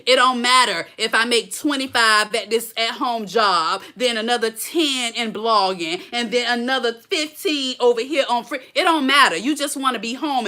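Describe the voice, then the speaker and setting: A woman coaching viewers on a live stream, energetic and preachy, full of slang and laughter, talking into her phone. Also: a little high. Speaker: blogging coach hosting a live Q&A. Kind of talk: casual live-stream talk. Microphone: phone held close.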